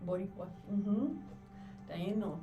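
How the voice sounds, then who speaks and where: A middle-aged woman guest on a podcast, a doula, telling her stories in an animated way and acting out the people she quotes. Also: medium pitch, slow, narrow, tinny audio. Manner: animated storyteller, acts out quotes, laughs often. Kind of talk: casual storytelling interview. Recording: distant mic with clear music behind.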